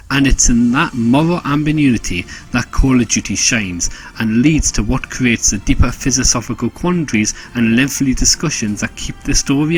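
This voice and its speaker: A man narrating a scripted, sarcastic game review packed with jokes. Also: medium pitch. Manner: sarcastic, joke-heavy.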